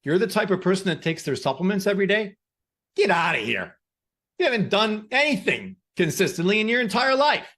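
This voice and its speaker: A man hosting a podcast who gives a motivational talk and tells stories in an emphatic, animated way. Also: high-pitched, fast, few pauses. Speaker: podcast host.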